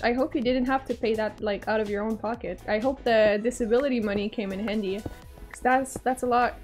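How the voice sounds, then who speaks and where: Playful young woman streamer, high voice. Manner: playful and teasing, laughs often, mock-dramatic. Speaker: live streamer. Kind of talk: casual live-stream chat, reading chat aloud. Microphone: desk microphone.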